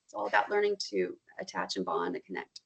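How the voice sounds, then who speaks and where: A woman counselor talking casually on a podcast, animated and explaining, often leaping up in pitch to act out what she quotes. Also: quick pace, vocal fry, breathy edge. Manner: animated, acts out quoted feelings with big pitch jumps. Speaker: counselor guest. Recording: slightly dull lo-fi sound.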